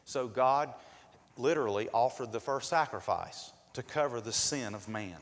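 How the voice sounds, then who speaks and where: A man's voice: mid-range voice, normal speed. A male pastor delivering a sermon, asking rhetorical questions and acting out quotes in a raised voice. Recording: long hall reverb.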